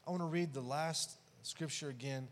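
A man preaching a sermon who swings between loud and hushed passages and acts out the dialogue of the story. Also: a little high, normal speed. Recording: long hall reverb.

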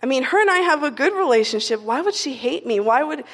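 A young woman with a high voice preaches in a relaxed, chatty way, telling stories full of "like" fillers. Her voice rings with the long reverb of a hall. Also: fast talker. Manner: chatty storytelling, frequent "like" fillers. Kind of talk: casual conversational sermon.

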